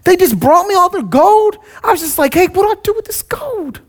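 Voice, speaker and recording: Guy doing a whiny self-pitying old-time leader, pitched up high, begging not to get blamed. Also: expressive, brisk. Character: whiny, excuse-making male Bible leader.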